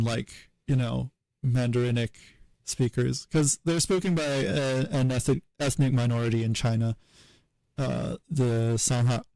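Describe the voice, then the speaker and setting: A man on a live stream explaining historical sound changes off the cuff, halting often and correcting himself as he thinks aloud. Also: mid-range voice, darkish tone, no echo, low-quality recording. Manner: halting and hesitant, many fillers and self-corrections.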